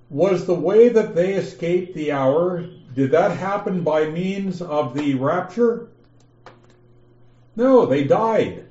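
A man teaching a Bible lesson, slowly reading passages aloud and explaining them step by step. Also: a little high, mellow, echoey room, dull audio. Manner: slow, methodical, reads passages aloud with emphasis. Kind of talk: scripture lesson over an online call.

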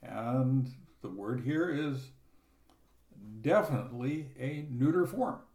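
Slow, measured male Bible teacher. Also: medium pitch, animated, darkish tone. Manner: measured, explanatory, reads scripture aloud with stress on key words. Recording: echoey room.

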